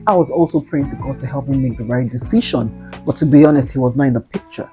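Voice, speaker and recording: Animated woman in her twenties. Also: rumbling low, fast. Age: 20s. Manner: animated, exclaiming, slangy asides to viewers. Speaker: vlogger. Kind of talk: casual storytelling. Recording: faint guitar music behind.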